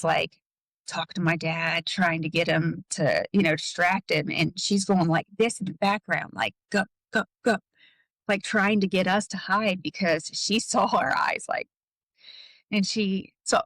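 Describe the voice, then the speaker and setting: A woman guest in an interview, telling a personal story in a halting way, full of "like" and "um". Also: lowish voice, a bit bright, no echo, poor audio.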